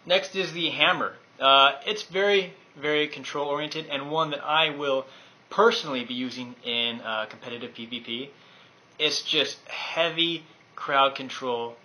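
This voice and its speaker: A man's voice: on the high side, a little slow, bright, forceful tone, rough recording. A man giving a casual, enthusiastic gameplay overview, rambling with many fillers. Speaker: game guide presenter.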